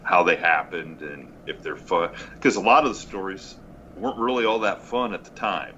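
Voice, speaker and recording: A man's voice: sits low, moderate pace, pushed and bright. A man hosting a casual podcast, laughing often and encouraging his guest. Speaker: podcast host. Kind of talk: casual chat. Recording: lo-fi with faint noise.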